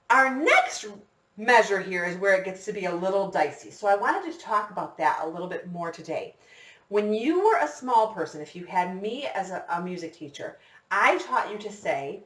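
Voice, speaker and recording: A woman's voice: medium pitch, fairly bright tone. A woman music teacher giving a recorder lesson for children, patient and encouraging, counting her students in. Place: classroom with a whiteboard. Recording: echoey room, distant mic.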